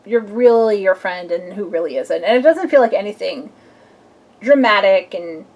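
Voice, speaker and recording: A woman's voice: mid-range voice, expressive, moderate pace, a little mellow. A young adult woman, a tarot reader, chatting casually and playfully through a weekend reading and acting out little scenes.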